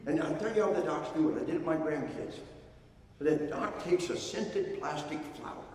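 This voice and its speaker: An older man giving a live seminar lecture, leading a slow counted breathing drill in a folksy, commanding way. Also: a little high, darkish tone. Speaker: seminar speaker. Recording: echoey hall from far off.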